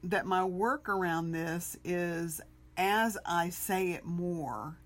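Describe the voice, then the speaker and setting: A woman co-hosting a podcast, telling everyday stories in a casual, animated way. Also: fairly low pitch, slow. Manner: storytelling, animated when telling anecdotes. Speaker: podcast co-host.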